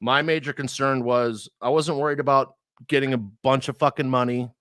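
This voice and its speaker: An animated man in casual talk, telling his story with plenty of profanity and playing the people he quotes. His voice sits at an average pitch. The recording is close and dry, with no room echo. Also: moderate pace.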